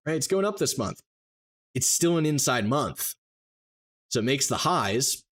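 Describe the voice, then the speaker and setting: A man teaching trading live, walking through charts and rapidly acting out a confused trader's thoughts. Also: mid-range voice, a bit bright. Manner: rapid, emphatic explaining with mock inner voices. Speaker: trading educator. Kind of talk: live stream chart walkthrough.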